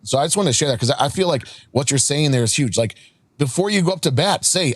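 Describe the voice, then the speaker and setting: A man who coaches softball pitchers, hosting a podcast and sharing coaching stories in a casual, earnest way. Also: expressive, fast talker, no room sound. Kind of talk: conversational interview.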